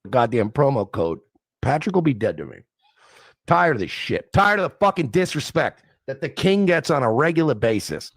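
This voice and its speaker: A man's voice: medium pitch, very animated, normal speed, no room sound, clean studio sound. A man in a bitter, profane rant about being disrespected, self-important in tone. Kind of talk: ranting stream monologue.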